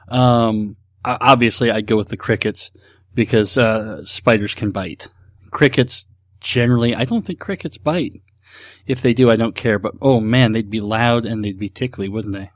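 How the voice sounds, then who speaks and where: Brief: male podcaster, mid-pitch, chatty and self-mocking, dry close recording. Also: moderate pace, dry recording. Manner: rambling, self-deprecating, restarts a lot. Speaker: podcast host. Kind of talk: casual solo podcast chat.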